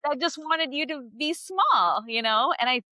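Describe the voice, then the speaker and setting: A woman hosts a podcast interview with a bright, forceful tone. She talks earnestly and effusively, often restarting sentences and breaking into laughter. The sound is close and dry. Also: high voice, lively intonation, unhurried, no room sound. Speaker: podcast host.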